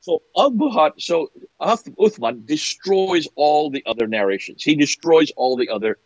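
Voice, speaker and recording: Emphatic husky older man. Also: a little high, animated, normal speed, no room sound. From United States. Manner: emphatic, repeats phrases for effect, mimics opponents. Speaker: guest speaker. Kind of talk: animated lecture-style apologetics talk.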